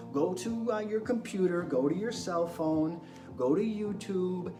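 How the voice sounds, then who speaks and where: A young man with a fairly high voice hosts an energetic wellness monologue, throwing excitable rhetorical questions at his viewers. His voice bounces around an echoey room. Music plays clearly behind him. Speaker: host.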